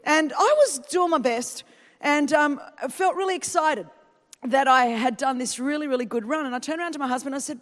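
A woman's voice: sits high, a little fast. A woman from Australia with an Australian accent, preaching a humorous sermon and chatting and joking with the congregation. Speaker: guest preacher. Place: large church auditorium. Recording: long reverb of a church hall.

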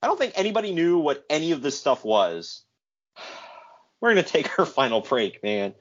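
A man's voice: fairly high pitch, big pitch swings, normal speed. A man co-hosting a podcast, recapping in a casual, sarcastic way and laughing often. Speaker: podcast co-host. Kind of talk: casual wrestling recap commentary. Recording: dull lo-fi podcast audio.

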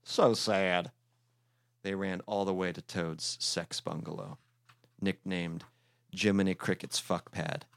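A man's voice: deep voice, little pitch movement, unhurried, creaky, no room sound. A man hosting a comedy podcast, reading a crude parody storybook with sardonic, profane asides.

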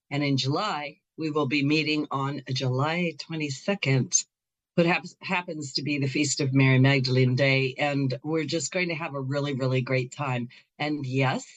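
A woman's voice: low voice, fairly bright tone. A middle-aged woman hosting a talk show and Reiki practice, chatting in an upbeat way with frequent laughs and fillers. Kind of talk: casual chat.

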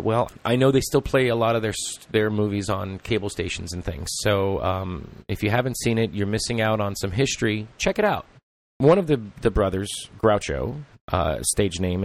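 A man hosting a podcast in casual chat, rambling and reflective with many ums and uhs. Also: fairly low pitch. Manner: rambling, filler-heavy and reflective. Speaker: podcast host.

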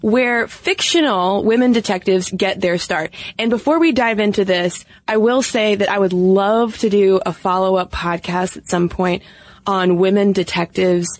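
A woman's voice: mid-range voice, moderate pace, no room sound. A woman co-hosting a podcast in a chatty, playful way, talking casually and laughing easily. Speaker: podcast co-host. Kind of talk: casual chat.

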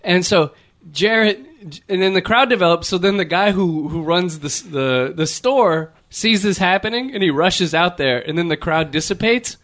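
A man's voice: normal speed, hardly any pauses. A man telling a travel story in casual podcast chat, acting out the quotes with big jumps in his voice. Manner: animated, plays out quotes with big pitch jumps. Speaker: podcast regular.

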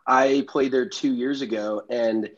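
A man's voice: medium pitch, fairly even intonation, unhurried, muffled recording. Enthusiastic slangy male co-host. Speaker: podcast co-host. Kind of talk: casual podcast chat.

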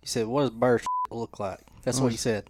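A man's voice: mid-range voice, steady tone, a little fast, crowd noise. A man hosting a podcast, teasing his guest and mimicking him in casual banter.

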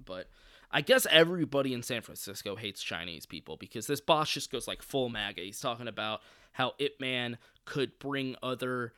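Sarcastic profane man, rambling film rant, bright forward voice, dry close sound. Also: mid-range voice, expressive, normal speed, smooth, no room sound. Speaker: movie reviewer.

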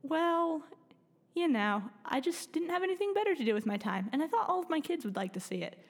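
Woman as a frazzled storybook rabbit with a brood of kids, quick and lifted, roomy sound. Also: high voice, sing-song, pitched above the performer's own voice. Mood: hurried. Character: busy parent rabbit with many kids.

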